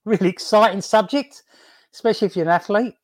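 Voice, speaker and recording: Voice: medium pitch, fast talker. A podcast host in casual chat who jokes with the guest and laughs along.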